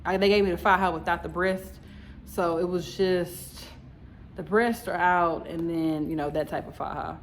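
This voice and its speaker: A woman telling her story in a chatty, animated home vlog, talking straight to her viewers. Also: on the low side, normal speed, slight background noise. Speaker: vlogger. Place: home, indoors.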